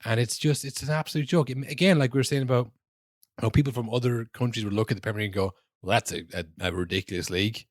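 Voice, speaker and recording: A man's voice: medium pitch, fairly even intonation, rapid-fire, a little mellow, no room sound, clean studio sound. A man in his twenties or thirties, co-hosting a podcast, ranting casually about football refereeing with lots of swearing and restarts. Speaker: podcast co-host.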